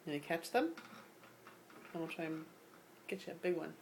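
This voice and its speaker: A woman's voice: sits low, moderate pace, vocal fry, background noise. A mother in her bathroom at bath time, patiently coaxing her toddler to say words, repeating prompts in a sing-song way. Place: home bathroom by the bathtub.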